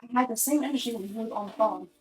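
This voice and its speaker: A woman's voice: fairly high pitch, racing, poor audio. Exasperated young woman venting a story. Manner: exasperated, talks in restarts with lots of "like". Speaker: vlogger telling a personal story. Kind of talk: casual storytelling rant.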